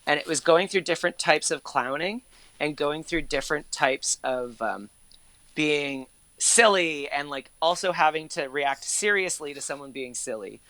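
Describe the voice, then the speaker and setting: This man's voice is fairly high, bright and forceful, at a normal speed, with no room sound. He's in his thirties, a former court reporter turned actor, swapping loose, conversational stories on an interview show, sprinkling in "like" and casual curses.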